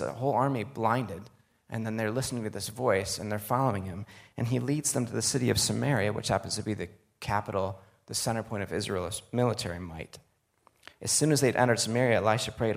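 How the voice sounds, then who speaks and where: Gravelly-voiced man preaching a sermon. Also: lowish voice, fast talker. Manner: earnest, conversational asides to the audience. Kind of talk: sermon with scripture reading.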